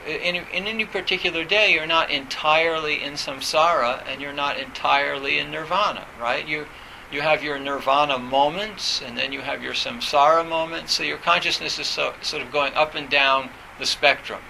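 Male meditation teacher, somewhat high voice, hesitant, restarts a lot. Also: steady tone, vocal fry, bright, forceful tone, a little hiss or hum, low-quality recording. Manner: hesitant, halting, many fillers and restarts. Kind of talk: reflective talk on meditation.

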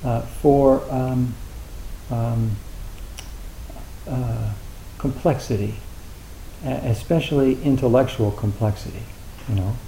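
A middle-aged man gives a dharma talk in a relaxed, halting way, full of fillers and dry humor. His voice is mellow and unhurried. The recording is roomy, with a light hiss underneath. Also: medium pitch. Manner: halting, loose and conversational with frequent fillers; wry, gently humorous. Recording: roomy hall with faint hiss.

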